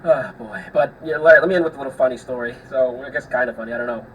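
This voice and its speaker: A young man hosting his podcast tells a rambling, profane story in casual solo chat, full of filler words and restarts. His voice sits at a middling pitch. It is picked up from a distant mic over a faint air-conditioner hum. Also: fairly even intonation, quick pace. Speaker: podcast host.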